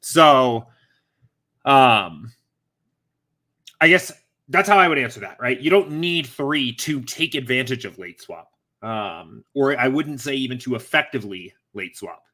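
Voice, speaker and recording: A man's voice: medium pitch, expressive, measured pace, bright, forceful tone. A man hosting a casual live-stream Q&A from home, a little out of breath, rambling with lots of fillers and self-corrections. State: slightly out of breath. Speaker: host of a fantasy sports Q&A stream.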